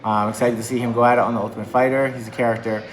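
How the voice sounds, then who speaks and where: Fast-talking chatty MMA coach, man. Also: mid-range voice, level tone, poor audio. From New England. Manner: chatty, upbeat, lots of fillers. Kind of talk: casual interview talk.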